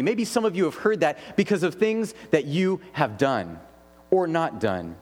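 A man preaching a sermon as pastor, earnest and emphatic, with pauses for weight. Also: on the high side, sing-song, darkish tone, in a large hall. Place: church sanctuary.

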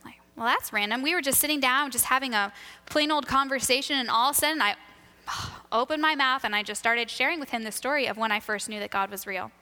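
Bright-voiced woman telling a testimony. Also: sits high, quick pace, big-room sound. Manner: animated, acts out voices in her stories. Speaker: church member sharing a testimony. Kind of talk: testimony storytelling.

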